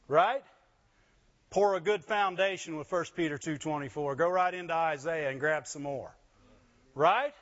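A man's voice: sits high, a bit bright, dull audio. A man preaching a sermon, punctuating his points with call-and-response questions to the congregation. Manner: call-and-response preaching, frequent "Amen?" and "Right?". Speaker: pastor.

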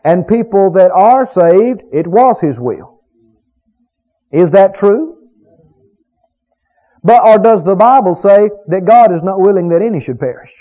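A high-voiced male preacher, lively in intonation, speaks a little slowly with long pauses, his pitch swinging wide as he presses each point. Rhetorical questions fly at the congregation in emphatic sermon rhythm over dull, lo-fi sound.

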